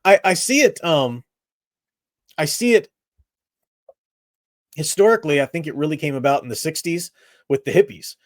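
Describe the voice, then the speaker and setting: A man's voice: fairly high pitch, animated, moderate pace, long pauses, no echo, studio quality. A middle-aged man hosting a live stream, giving his blunt opinions in casual chat and laughing at his own remarks.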